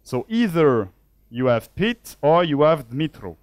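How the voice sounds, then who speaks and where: Slow, dry-voiced man presenting live code. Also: on the high side, very animated, dry recording. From Switzerland. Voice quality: measured, self-deprecating. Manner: thinks aloud while typing code. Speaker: conference speaker. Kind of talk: live coding talk. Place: conference hall.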